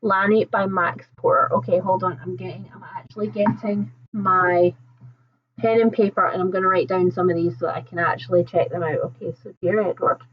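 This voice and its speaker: A woman with a softened Scottish accent hosting a casual book livestream, chatting warmly with viewers, reading out their comments and laughing often. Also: lowish voice, steady tone, fairly quick, slightly rough, highs cut off. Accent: Scottish, toned down. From Scotland. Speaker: book channel host.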